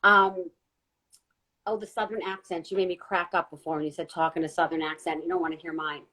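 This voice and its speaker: A woman guest giving an earnest, gentle spiritual talk during a live online chat. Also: on the low side, flat delivery, a little fast, poor audio. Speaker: guest intuitive reader. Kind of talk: casual live-stream talk.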